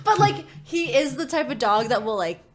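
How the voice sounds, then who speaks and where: Animated woman telling a story, laughing. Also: high voice, moderate pace, a loud crowd. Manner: animated, laughing, full of "like" fillers. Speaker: podcast co-host. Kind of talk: casual storytelling chat.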